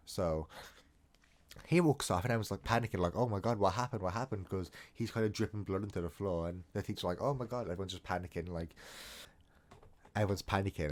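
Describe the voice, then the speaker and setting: Deep-voiced young man rambling. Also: darkish tone. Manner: rambling, jokey, self-mocking asides. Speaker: storytime vlogger. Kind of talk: casual storytelling.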